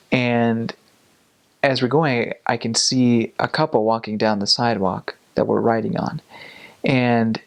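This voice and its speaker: A young man, a former missionary, telling an animated story in a casual vlog, laughing and acting out voices. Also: mid-range voice, vocal fry. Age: young adult.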